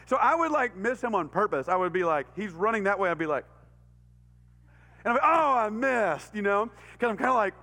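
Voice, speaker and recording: A middle-aged man with a Texan accent preaches to a college crowd, spinning a story and acting out the voices and sound effects. His voice sits high and bounces all over the place. Long reverb from the church hall trails behind his words. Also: brisk. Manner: animated, acts out voices and sound effects, laughs often. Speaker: pastor. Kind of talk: storytelling sermon.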